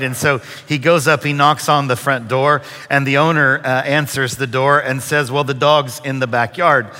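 A man preaching a sermon as a guest speaker, telling a folksy joke in a relaxed, conversational way before turning to a Bible story. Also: medium pitch. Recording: long hall reverb.

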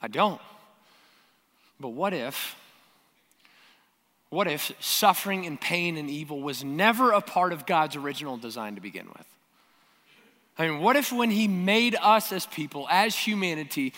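A male pastor with a high, bright, forceful voice preaches a sermon. He talks earnestly and directly and keeps putting hard questions to his listeners. His voice carries a long reverb, as in a large hall. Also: big pitch swings, moderate pace.

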